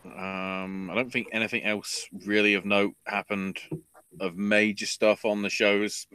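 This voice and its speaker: A man's voice: fairly low pitch, little pitch movement, a little slow, sharp tone, clean tone, no room sound. A man co-hosting a podcast, rambling through wrestling news in a casual chat full of fillers. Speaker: podcast co-host.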